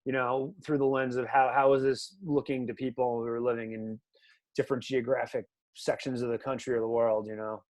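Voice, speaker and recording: A man's voice: medium pitch, little pitch movement, brisk, darkish tone. A man in his thirties hosting a podcast in casual chat, rambling and loose, with lots of "like" and "you know". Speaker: podcast host.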